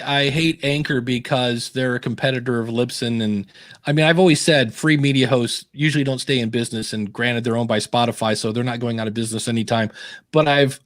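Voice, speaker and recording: A man's voice: medium pitch, no room sound, clean studio sound. A man on a podcast panel, chatting casually and acting out quotes as he tells stories. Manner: animated storyteller, acts out quotes.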